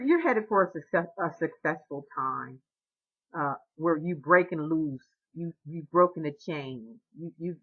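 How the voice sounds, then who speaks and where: A woman doing a tarot reading for her viewers, talking in an excited, encouraging way and repeating herself often. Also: sits low, husky, muffled recording. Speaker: tarot reader.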